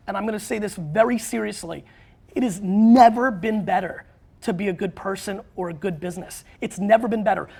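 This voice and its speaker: A man with a gravelly, husky voice speaks in an animated studio interview. He is blunt and emphatic, and keeps restarting his sentences in his excitement. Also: high-pitched. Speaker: author and marketer, guest.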